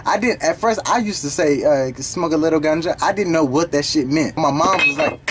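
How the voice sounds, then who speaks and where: Slangy young man, excited reaction host. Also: a little high, a little fast, few pauses, noisy background. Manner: animated, profane, slangy, stops the song to explain lyrics. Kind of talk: casual reaction commentary.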